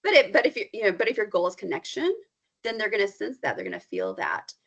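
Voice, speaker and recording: A woman counselor talking casually on a podcast, animated and explaining, often leaping up in pitch to act out what she quotes. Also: quick pace. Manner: animated, acts out quoted feelings with big pitch jumps. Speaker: counselor guest. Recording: slightly dull lo-fi sound.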